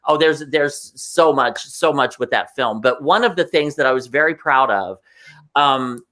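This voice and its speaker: A man as a guest on a talk show, telling stories in an animated, emotional way and acting out the voices of the people in them. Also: medium pitch, measured pace. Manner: excitable, emotional, acts out voices in anecdotes. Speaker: guest performer. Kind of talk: animated interview storytelling.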